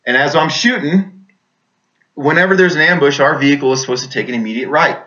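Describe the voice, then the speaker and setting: A man's voice: a little high, fairly quick, sharp tone, dull audio. A man, an army veteran, telling a combat story in vivid, intense casual speech, often restarting his sentences.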